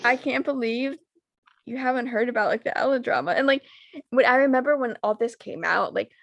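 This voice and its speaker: A woman's voice: a little high, fairly quick, gravelly, no room sound, highs cut off. A young woman co-hosting a casual podcast, swearing freely and filling her talk with "like". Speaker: podcast co-host.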